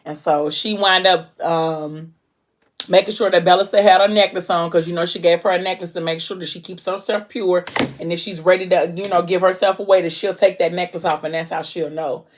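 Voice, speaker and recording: A woman's voice: on the low side, steady tone, brisk. A woman vlogger casually retelling a novel, talking loosely with lots of "like". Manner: casual, heavy use of filler "like".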